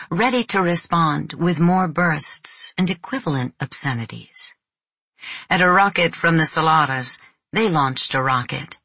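A woman reading a novel aloud as an audiobook narrator, in a measured, even storytelling manner. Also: low-pitched, creaky, slightly rough, no echo.

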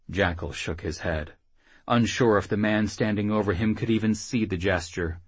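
A man narrating an audiobook in a measured, low-key way. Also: breathy edge, no echo.

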